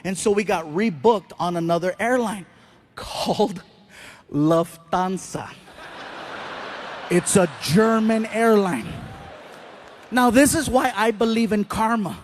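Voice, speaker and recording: A man doing stand-up, telling a story with animated delivery, acting out voices and shouting the punchlines. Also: high voice, slow pace, long pauses, a little hiss or hum. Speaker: stand-up comedian.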